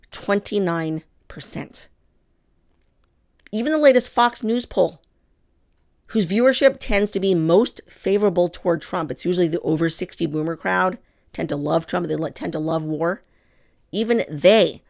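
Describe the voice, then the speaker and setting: A woman with a creaky, somewhat low voice speaks passionately to camera on her political commentary show. She leans hard on her points and keeps calling the listeners "people."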